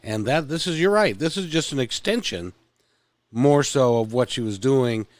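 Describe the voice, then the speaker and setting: Lively, joking male interview host. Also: medium pitch, normal speed, dry recording. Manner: joking, rambling with many fillers. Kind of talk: casual interview chat.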